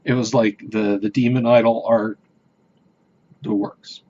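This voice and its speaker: Slow, husky man chatting on a livestream. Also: lowish voice, flat delivery, dark tone. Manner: rambling, hesitant, many fillers and restarts. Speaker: livestream host. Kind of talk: casual livestream chat with viewers. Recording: dull lo-fi stream audio.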